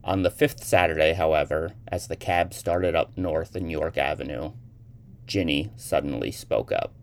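A man reading a short story aloud as narrator, with lively, expressive delivery. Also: extremely low pitch, moderate pace, gravelly, a little hiss or hum.

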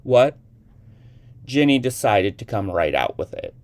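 Deep gravelly male story reader. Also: big pitch swings, moderate pace. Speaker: narrator. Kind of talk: reading a short story aloud.

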